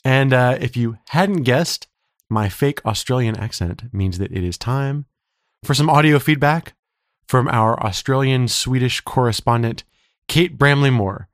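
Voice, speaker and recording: A man's voice: mid-range voice, a little slow, no echo, clean studio sound. A man co-hosting a podcast in casual, joking talk, his throat slightly scratchy. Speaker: podcast co-host.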